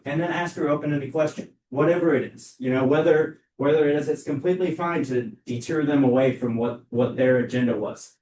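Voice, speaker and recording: A young man coaching a roomful of salespeople in a loud, punchy, emphatic voice. He sounds a step back from the mic, and his voice bounces around an echoey training room. A faint low rumble sits underneath. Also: fairly quick, few pauses, far from the mic. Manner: loud, energetic, emphatic delivery. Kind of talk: live sales training talk.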